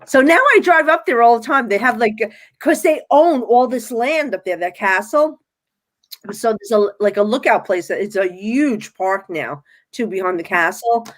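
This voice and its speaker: Speaking at normal speed in a slightly high voice, a woman who works as a medium describes her experiences as a guest in a casual podcast interview. She's an animated storyteller who acts out what people said, her own quotes included.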